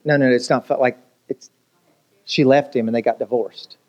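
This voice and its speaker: A man's voice: mid-range voice, steady tone, normal speed, dull audio. A man preaching a sermon as pastor, telling jokes and stories and asking the congregation rhetorical questions.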